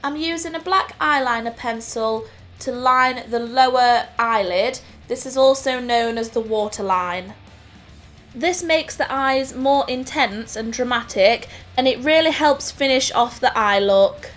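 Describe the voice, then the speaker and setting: A woman with a Nottingham accent explaining makeup steps in a clear, scripted tutorial voice-over. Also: a little high, measured pace, a bit bright. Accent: English Midlands (Nottingham). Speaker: makeup artist host. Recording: voice-over with faint music.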